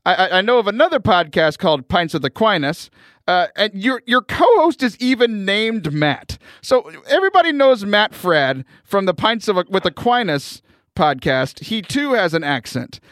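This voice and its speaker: A man's voice: sits high, big pitch swings, normal speed, a bit bright, no echo. A man from the United States hosting a podcast in casual interview chat, chatty and jokey, often restarting his sentences. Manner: chatty, jokey, stumbles over starts. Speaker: podcast host.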